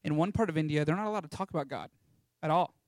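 A man's voice: on the high side, racing, darkish tone, no room sound, clean studio sound. A young man of about eighteen from Texas, giving a casual, rambling testimony talk about a mission trip, with lots of fillers. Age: young adult, about 18.

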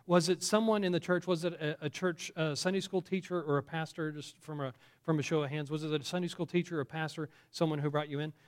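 A pastor preaching a conversational sermon, asking the congregation questions, with many fillers and restarts. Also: male voice, a little high, fairly even intonation, fast talker.

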